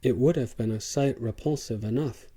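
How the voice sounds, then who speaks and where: A man narrating an audiobook in a measured, scripted way. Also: mid-range voice, warm tone, husky.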